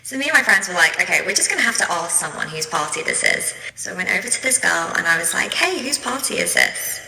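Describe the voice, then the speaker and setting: A woman spins a brisk, dramatic storytime tale. Her voice is very bright, and the room gives it a clear echo. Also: fairly low pitch, animated, slight background noise. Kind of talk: casual storytime.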